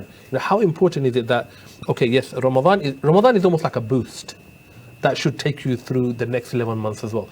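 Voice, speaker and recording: A man's voice: medium pitch, a little hiss or hum. Rambling male TV presenter. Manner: rambling, heavy on fillers and restarts. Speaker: TV quiz show presenter. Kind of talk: live studio talk show. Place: TV studio.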